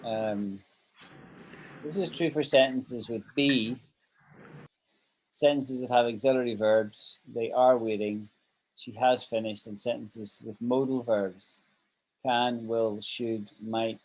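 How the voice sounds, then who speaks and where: A man's voice: medium pitch, steady tone, takes it slowly, long pauses, a little mellow, rough recording. A man teaching an online English grammar lesson, patiently walking through example sentences and checking that his students follow.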